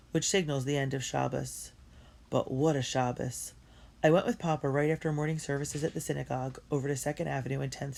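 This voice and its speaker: A woman reading a first-person diary story aloud in an earnest and expressive way. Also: rumbling low, creaky. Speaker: audiobook reader.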